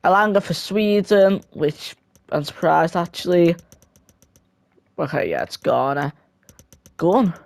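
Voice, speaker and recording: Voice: medium pitch, expressive, gravelly, dry recording. Chatty gamer voice-over, dry sound. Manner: chatty, self-correcting, quick laughing asides. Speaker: gaming video creator. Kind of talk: casual voice-over of a football game career mode.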